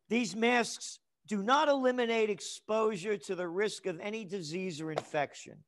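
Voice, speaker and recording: Very high-voiced man ranting angrily. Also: normal speed, hardly any pauses. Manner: angry, profane, shouts in bursts. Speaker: guest trend forecaster. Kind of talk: heated interview rant.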